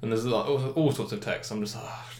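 A man's voice: mid-range voice, fast, darkish tone. Young guy rambling about games, says like a lot, echoey room. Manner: rambling, filler-heavy, enthusiastic. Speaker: gaming podcast co-host. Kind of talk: casual chat.

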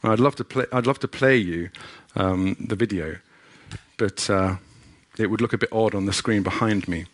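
A man's voice: on the low side, normal speed. Man preaching with earnest personal testimony. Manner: earnest storytelling with frequent restarts.

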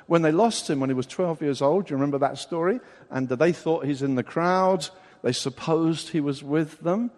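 A man delivers a sermon, explaining scripture and firing rhetorical questions at his listeners. His voice sits a bit high and moves expressively. A long reverb from the hall trails behind every phrase. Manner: expository, animated, rhetorical questions. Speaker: pastor.

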